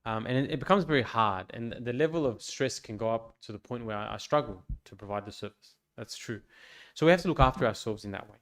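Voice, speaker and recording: A man, a priest, giving an informal pastoral talk to a youth group in a gentle, reflective way, with frequent restarts and fillers. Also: medium pitch, fast. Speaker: priest leading a youth meeting. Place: church hall.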